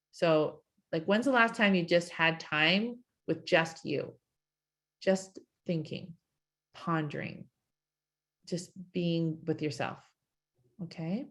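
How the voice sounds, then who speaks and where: A woman life coach giving a live-streamed coaching talk, encouraging and asking her audience many questions. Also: fairly low pitch.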